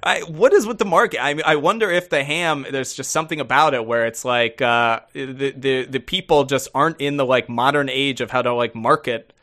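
Bright, rambling male podcast co-host. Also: mid-range voice. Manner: rambling, halting restarts. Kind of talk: casual chat.

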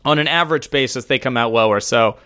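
A man's voice: medium pitch, fast, sharp tone. A man co-hosting a podcast over a remote call, chatting casually with a joking, rambling manner. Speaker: podcast co-host. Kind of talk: casual chat.

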